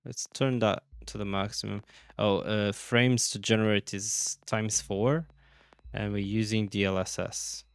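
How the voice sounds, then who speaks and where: A man offers casual commentary while testing a game at his computer. His slightly low voice carries a gravelly rasp, and he speaks at an unhurried pace, thinking aloud with frequent fillers. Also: level tone. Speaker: gaming channel host.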